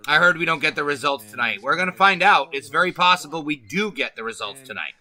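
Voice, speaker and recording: Nervous male livestream host, bright higher voice, rambling and swearing at chat. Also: lively intonation, quick pace, poor audio. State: anxious.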